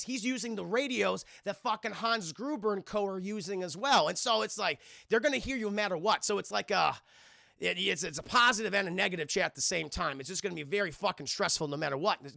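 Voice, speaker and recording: A man's voice: sits high, gravelly, sharp tone, dry recording, studio quality. A man streaming a casual scene-by-scene film recap, profane and rambling, who keeps turning to talk to his live chat.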